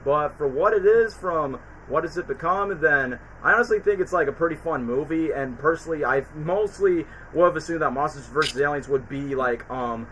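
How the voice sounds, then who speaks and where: A man's voice: a little high, moderate pace, few pauses, fairly bright tone, slight background noise, poor audio. A man hosting a casual stream chat, rambling with lots of fillers. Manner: rambling, quotes movie lines in put-on voices, many fillers. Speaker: streamer host.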